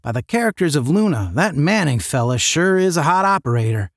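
A man's voice: on the high side, very animated, fairly quick, no room sound, studio quality, pitched above the performer's own voice. A man voicing a friendly young cadet with a Southern US drawl in a space-academy story.

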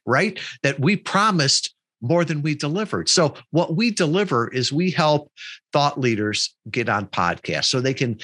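Animated man telling a story. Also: a little high, no echo. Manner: animated storyteller, quotes people in his story. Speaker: podcast guest. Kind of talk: storytelling in a casual interview.

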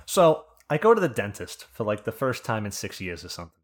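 This podcast host from New Jersey has a lowish voice and talks fairly quickly. Telling a story in a casual chat, he's lively and profane and does voices for the people in it.

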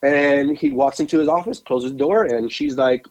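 A man co-hosting a podcast, telling a lively story with emphatic repetition into a studio mic. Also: mid-range voice, moderate pace, hardly any pauses, rough recording. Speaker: podcast co-host. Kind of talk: animated storytelling chat.

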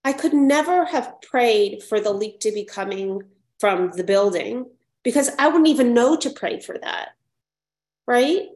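A woman's voice: a little high, lively intonation, a little slow, darkish tone, reverberant. A woman telling her own recovery story at a support meeting, reflective and repeating phrases, often asking "right?". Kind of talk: personal share at a support meeting.

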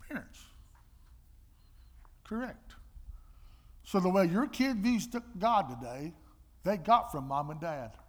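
Older guy preaching a lesson, lively up-and-down voice, kinda high, echoey big hall. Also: takes it slowly, pauses often. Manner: animated storyteller, emphatic, mimics slapping sounds. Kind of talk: sermon-style teaching with personal stories. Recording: long reverb in a large hall.

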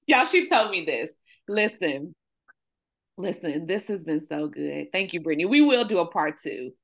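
A woman's voice: lowish voice, sing-song, moderate pace, creaky. A woman hosting a faith podcast, encouraging her guest with frequent affirmations. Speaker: podcast host. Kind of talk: casual faith conversation.

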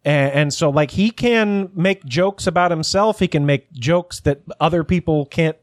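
A man on his podcast chats casually, swearing and rambling and making himself the butt of his own jokes. His voice sits on the high side and moves a little slowly. The studio sound is clean, with no echo.

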